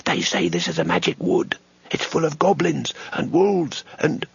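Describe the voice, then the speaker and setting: A man's voice: high voice, expressive, normal speed, creaky, breathy edge, dry recording, lo-fi sound, voice pushed up, exaggerated voice. A man voicing a frightened young male wizard in a storybook. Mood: nervous. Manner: nervous, anxious.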